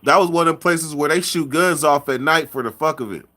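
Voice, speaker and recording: Bright-voiced man telling loose stories. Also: fairly high pitch, slight background noise. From California. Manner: loose storytelling, drawn-out words, repeats himself. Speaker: podcast host. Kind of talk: casual chat.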